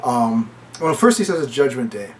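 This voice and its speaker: A man casually retelling a movie plot, with lots of "like" fillers, and he jumps into high voices to quote the characters. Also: sing-song, moderate pace, distant mic, over a noisy crowd. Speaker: movie reviewer.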